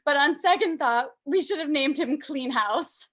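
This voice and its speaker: High-voiced woman doing stand-up. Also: measured pace, a bit bright. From Canada. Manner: self-deprecating, fillers like um, high sing-song put-on voices for baby talk. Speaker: stand-up comedian. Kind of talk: stand-up comedy set.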